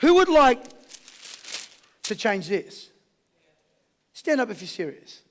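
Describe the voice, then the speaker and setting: A man with an Australian accent giving a high-energy motivational seminar, rallying a live audience with questions and call-and-response. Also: sing-song, slow. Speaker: motivational speaker.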